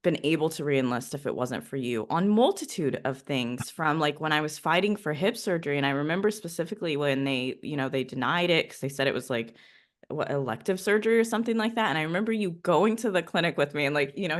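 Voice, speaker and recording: A young woman hosting a podcast, speaking in an emotional, grateful and halting way to a former leader. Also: low-pitched, lively intonation. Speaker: podcast host, former Marine. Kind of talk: casual interview chat.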